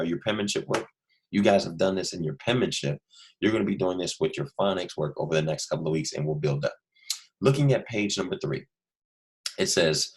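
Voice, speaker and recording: A man teaching a recorded first grade phonics lesson, slow and patient, repeating steps and asking young pupils questions. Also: low-pitched, poor audio.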